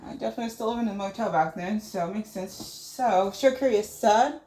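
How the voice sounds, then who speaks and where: A woman's voice: mid-range voice, brisk, warm tone. A woman hosting a casual livestream, reading viewer messages aloud and musing on them. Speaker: livestream host. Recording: roomy echo.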